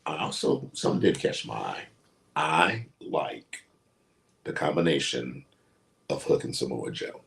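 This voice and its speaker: A man's voice: rumbling low, measured pace, creaky. A man co-hosting a casual wrestling chat show, telling stories with lots of energy, acting out quotes and laughing often. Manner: animated storyteller, acts out quotes, laughs often. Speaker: podcast co-host.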